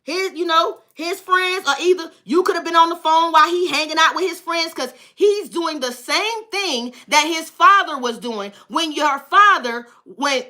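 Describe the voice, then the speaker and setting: A woman's voice: very high-pitched, bright, forceful tone. A woman tarot reader on a livestream, effusively thanking and blessing viewers and bluntly cursing out trolls.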